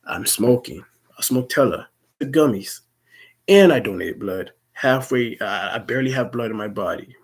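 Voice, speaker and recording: Husky young man telling a story. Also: medium pitch, animated, normal speed. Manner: rambling, profane, stammering restarts. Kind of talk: casual personal storytelling.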